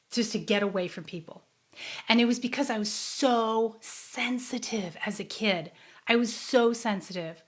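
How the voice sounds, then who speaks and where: A woman, a psychic medium hosting her own show, telling her life story in a casual, earnest and emotional way, her voice softening when sad memories come up. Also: mid-range voice. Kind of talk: casual personal storytelling to a live audience.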